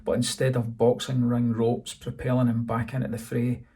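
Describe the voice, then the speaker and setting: A Scottish author narrates his novel aloud in a steady, dry read. His voice is gravelly and dark. The pitch stays fairly flat from line to line. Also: moderate pace. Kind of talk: audiobook narration.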